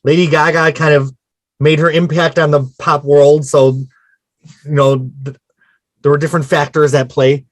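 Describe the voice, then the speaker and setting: A man hosting a track-by-track album podcast, frank and self-mocking. His voice sits fairly high and sounds dry and close, with no room around it. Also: level tone, normal speed, dry recording. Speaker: podcast host. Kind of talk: casual album discussion.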